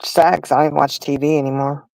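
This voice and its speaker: A woman's voice: sits low, little pitch movement, a little fast, vocal fry, a little mellow, dry recording, rough recording. A middle-aged woman hosting a livestream and chatting casually, telling stories straight to her viewers. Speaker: livestream host. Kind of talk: casual chat.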